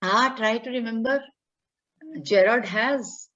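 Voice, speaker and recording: A woman's voice: on the high side, slow pace, a bit bright. A woman, teaching a class online, repeating her points and checking in with students. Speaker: English teacher. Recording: dull lo-fi audio.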